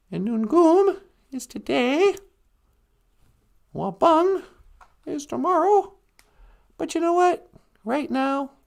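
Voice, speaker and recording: A woman from northern Minnesota, hosting a casual live stream, chatty and teasing with frequent laughter. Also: sits high.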